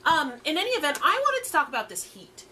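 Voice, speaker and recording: Woman co-host, sarcastic and animated, fairly high and lively voice, casual banter. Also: fast, over a noisy crowd. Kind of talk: casual chat over drinks.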